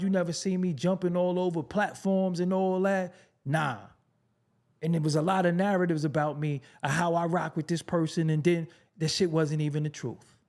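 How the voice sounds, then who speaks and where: A man hosts his own show, speaking bluntly in a casual commentary monologue with a darkish tone. His voice swings from low mutters to high, incredulous outbursts.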